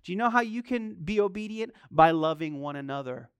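A man's voice: high voice, expressive, a little fast, few pauses, smooth, no echo, studio quality. A man preaching a sermon as a pastor, telling stories, asking rhetorical questions and acting out the voices he quotes.

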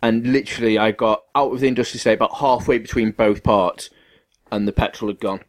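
A man's voice: lowish voice, steady tone, fast talker. A man co-hosting a podcast, ranting through a long story in casual chat and swearing freely. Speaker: podcast co-host.

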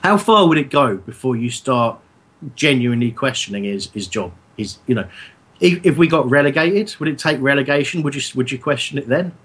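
Man, podcast host, husky voice, animated pitch, joking and asking questions. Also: fairly quick. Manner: joking, laughs often, asks the questions. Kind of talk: casual chat.

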